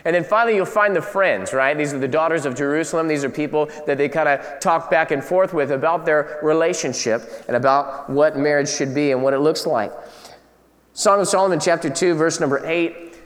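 A man preaching a sermon as pastor, animated and conversational with playful asides. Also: fairly high pitch, fairly quick, big-room sound.

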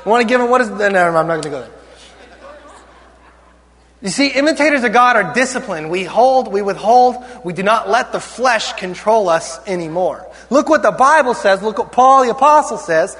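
A male pastor with a very high, light voice delivers a sermon, tossing playful, joking asides to his congregation. His words ring out with the long reverb of a large church hall. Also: animated, moderate pace, a bit bright.

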